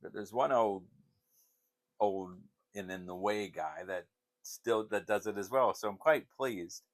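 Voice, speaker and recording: Rambling older man with a deep voice. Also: unhurried. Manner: rambling, meandering storytelling. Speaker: vlogger. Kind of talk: casual chat.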